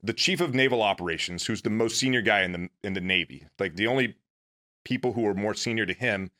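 A man's voice: on the low side, fast talker, pushed and bright. A man, a former Navy SEAL, telling his own story in casual, earnest, self-deprecating talk.

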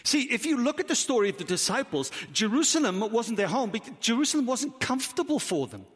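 Welsh male preacher, bright high delivery with wide swings, emphatic sermon, reverberant church hall. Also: big pitch swings, quick pace, husky. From Wales. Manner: emphatic preaching with rhetorical questions. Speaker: pastor.

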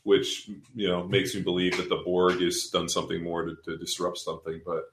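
A man's voice: low-pitched, little pitch movement, brisk, echoey room, a little hiss or hum. A man coaching fitness seminars, telling a story in casual podcast talk, blunt and profane, acting out what people said. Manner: profane, blunt, acts out quotes.

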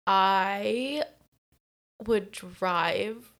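A woman's voice: mid-range voice, extremely slow, fairly bright tone. A woman in her twenties from California, a podcast co-host telling a personal story in casual chat, candid and profane, often laughing mid-sentence.

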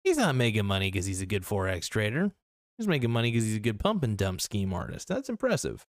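A man's voice: fairly low pitch, big pitch swings, fast talker, dry recording, clean studio sound. Blunt, profane podcast host man. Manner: blunt, profane, skeptical, many fillers. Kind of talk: casual opinionated podcast rant.

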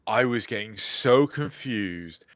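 A man co-hosting a casual podcast chat, telling stories with lively energy and acting out quotes. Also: lowish voice, slow pace, no echo, studio quality. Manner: animated storyteller, acts out quotes. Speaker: podcast co-host.

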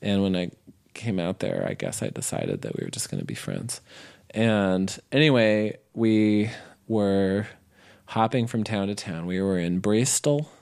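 A man with a very deep, gravelly voice full of vocal fry tells a rambling personal story. He speaks slowly and unhurriedly, stopping often for fillers and restarts, like a guest chatting in an interview. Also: very animated, a little mellow. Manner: rambling, many fillers and restarts, laughs easily. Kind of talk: casual storytelling.

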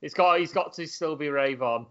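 Man, excitable and sweary, fairly high voice, lo-fi podcast sound. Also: moderate pace. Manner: excitable, swears, laughs often. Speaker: podcast co-host. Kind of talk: casual chat. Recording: dull lo-fi podcast audio.

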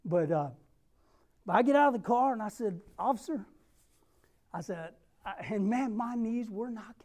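A young man preaching a sermon, telling a personal story and acting out the dialogue with lively energy. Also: high-pitched, normal speed. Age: young adult. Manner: repeats a rallying question.

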